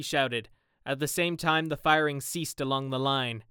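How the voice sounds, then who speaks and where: A medium-pitched, smooth male narrator reads a classic novel at a moderate pace, with a dry recording and clean studio sound. In this scripted audiobook narration he acts out the characters' dialogue, giving each one raised, loud lines.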